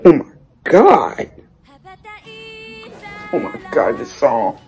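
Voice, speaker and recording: A young man hosting a reaction video, talking casually and excitedly in slang, exclaiming and chatting as he watches. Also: medium pitch, extremely slow, faint music behind, low-quality recording. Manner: exclamatory, slangy, keeps saying "bro".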